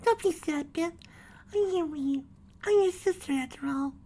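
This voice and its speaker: Tiny gentle filly pony. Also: female voice, moderate pace. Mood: comforting. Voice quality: very high and childlike. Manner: gentle and comforting. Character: sweet little filly pony, caring younger sister.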